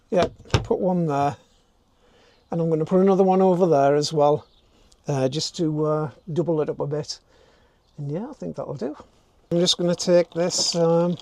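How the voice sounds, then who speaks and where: A man's voice: a little high, a little mellow. Chatty older man fixing his camper van. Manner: chatty, self-mocking, thinking aloud while working. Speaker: vlogger. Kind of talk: casual DIY vlog talk to camera. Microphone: handheld camera.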